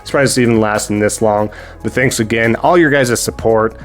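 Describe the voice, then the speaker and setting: A man with a sick, hoarse voice hosts a gaming channel, giving rambling casual commentary on new games, full of fillers and thanks to viewers. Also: lowish voice, normal speed, faint music behind.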